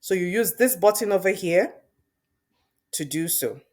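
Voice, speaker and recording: Low-voiced woman talking through a software demo. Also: animated, a little slow. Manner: conversational, thinks aloud with fillers and restarts. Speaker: presenter demonstrating software. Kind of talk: screen-recorded tutorial.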